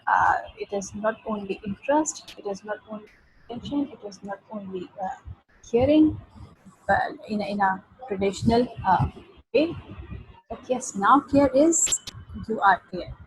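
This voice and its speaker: A woman's voice: mid-range voice, animated, moderate pace, a little hiss or hum, rough recording. Hesitant woman reading a text aloud. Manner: hesitant, many fillers and restarts. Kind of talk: halting read-aloud and discussion.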